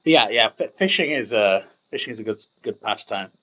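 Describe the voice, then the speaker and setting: A man's voice: fairly low pitch, expressive, fairly quick, fairly bright tone, muffled recording. A young man rambling through casual gameplay commentary, chatty and self-mocking.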